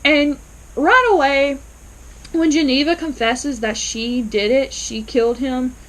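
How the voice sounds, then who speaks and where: A woman casually recapping and reacting to a TV episode, animated and quick to act out the characters' lines. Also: sits high, low-quality recording. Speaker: TV episode reviewer.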